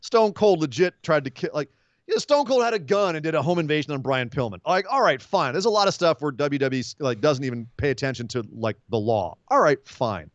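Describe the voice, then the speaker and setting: A man co-hosting a wrestling podcast in casual chat, animated and sarcastic. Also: quick pace, no room sound, highs cut off. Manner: animated, sarcastic, swings up in pitch when exasperated. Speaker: podcast co-host.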